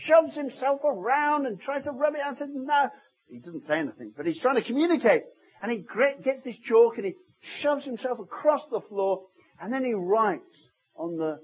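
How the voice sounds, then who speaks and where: A man preaching a sermon in a church service, telling stories and swinging between loud passages and hushed ones. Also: very high-pitched, breathy edge, lo-fi sound. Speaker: pastor.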